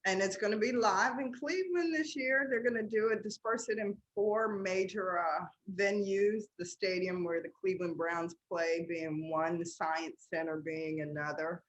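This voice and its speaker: A woman's voice: medium pitch, fairly even intonation, normal speed, few pauses, muffled recording, slight background noise. A woman co-hosting a casual talk show, giving an enthusiastic sports news rundown. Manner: enthusiastic, loud bursts of laughter. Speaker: co-host.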